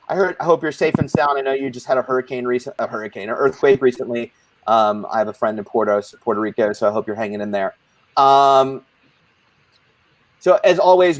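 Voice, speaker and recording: Playful rambling male panel host. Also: medium pitch. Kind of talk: casual live-stream support group hosting.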